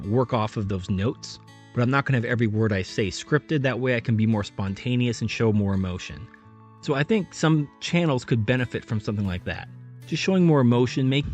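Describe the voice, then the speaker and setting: Earnest man giving video advice. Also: mid-range voice. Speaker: YouTube commentator. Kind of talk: unscripted commentary monologue.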